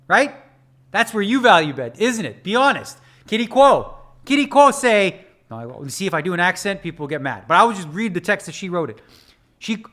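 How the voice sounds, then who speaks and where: Animated man quizzing viewers in a lesson. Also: high voice. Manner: quizzes viewers with rhetorical questions; animated, conversational teaching. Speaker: poker player breaking down his own hands. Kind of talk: spoken hand-analysis lesson.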